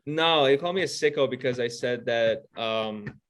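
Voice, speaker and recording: A man co-hosting a podcast, talking in a loose, rambling way. His voice sits at a middling pitch, and he slips dry jokes in between fillers. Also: moderate pace, fairly bright tone. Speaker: podcast co-host. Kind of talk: casual chat.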